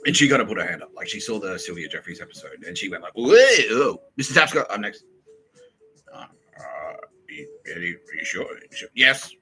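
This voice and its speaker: A man's voice: low voice, lively intonation, quick pace, sharp tone, slight background noise, low-quality recording. A man with an Australian accent hosting a rambling, profane comedy podcast, laughing at his own jokes and slipping into mock voices for bits. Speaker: podcast host.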